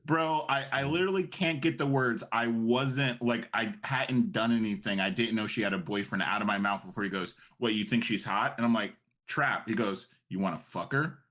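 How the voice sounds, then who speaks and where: A man's voice: mid-range voice, normal speed, few pauses, a bit bright. A man in his thirties hosting a casual panel chat, telling profane anecdotes with animation and laughing through them. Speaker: stream panel host.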